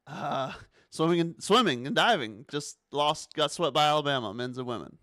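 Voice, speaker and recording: A man hosting a sports talk show, chatting casually and animatedly, sometimes rising to exasperated near-shouts. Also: a little high, expressive, normal speed. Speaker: sports podcast host.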